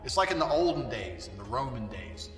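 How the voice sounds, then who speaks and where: A man's voice: mid-range voice, very animated, fairly quick, distant mic. A man delivering a blunt, profane, emphatic monologue. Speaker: speaker giving a self-help rant. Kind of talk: ranting monologue. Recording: echoey hall, voice from afar, faint music.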